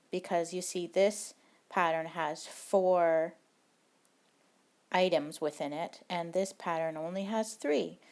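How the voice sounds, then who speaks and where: A woman's voice: on the low side, vocal fry. A woman teaching a recorded language lesson, explaining rules patiently and step by step.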